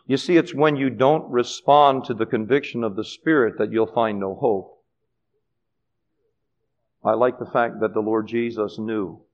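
A middle-aged man preaching a sermon with fervent, repetitive phrasing, often sinking to a hush. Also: medium pitch, fairly even intonation, a little slow. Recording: dull lo-fi sermon recording.

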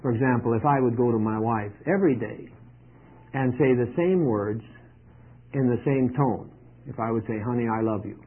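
Husky-voiced man preaching over a tinny radio line. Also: medium pitch, normal speed. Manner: conversational, plain-spoken preaching. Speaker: pastor. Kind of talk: sermon teaching.

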